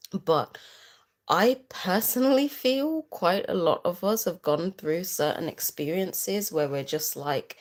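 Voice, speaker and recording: A woman's voice: low-pitched, a little mellow. A woman giving a casual astrology talk on a livestream, chatty, repeating key phrases for emphasis.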